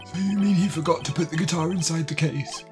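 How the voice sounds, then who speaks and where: A man's voice: fairly high pitch, fairly quick, pitched above the performer's own voice, close to an everyday voice. A man voicing a fussy elderly male courtroom judge who hums and ponders. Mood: musing. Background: game music.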